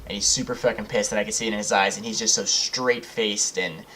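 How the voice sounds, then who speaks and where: A man's voice: fairly low pitch, steady tone, fast, a bit bright. A young man hosting a gaming video, rambling through a personal story, swearing freely and laughing as he goes. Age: young adult. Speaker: gaming channel host. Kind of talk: casual storytelling over gameplay.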